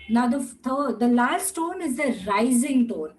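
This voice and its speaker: A young woman with a high voice teaches an online class. She goes patiently, repeating each word slowly and stretching its tones. Now and then she slips into another language mid-sentence. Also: expressive, poor audio.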